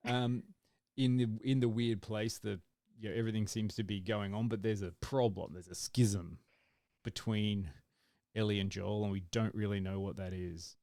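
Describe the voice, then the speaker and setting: A podcast co-host chats casually, rambling along and acting out his own reactions. His fairly low voice is steady and a little mellow, at a moderate pace. The recording is dry with clean studio sound.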